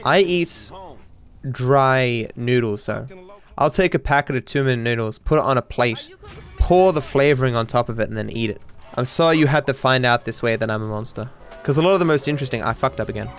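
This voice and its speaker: A young Australian man giving casual commentary over a speedrun, sarcastic and self-deprecating, with sudden excited outbursts. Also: mid-range voice, brisk, soft background music. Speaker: speedrunning streamer.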